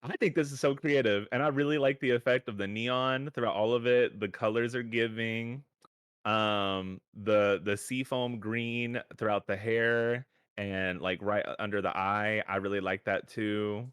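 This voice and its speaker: Low, rambling man on a dry mic. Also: steady tone, a little slow, a bit bright, clean tone, no echo. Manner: rambling, upbeat, full of filler words. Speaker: co-host reviewing fashion submissions. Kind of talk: casual livestream chat.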